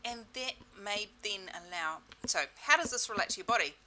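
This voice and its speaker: A woman leading a self-help webinar in a playful, exclamatory way, repeating set clearing phrases. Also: medium pitch, animated, moderate pace, sharp tone, low-quality recording. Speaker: webinar facilitator.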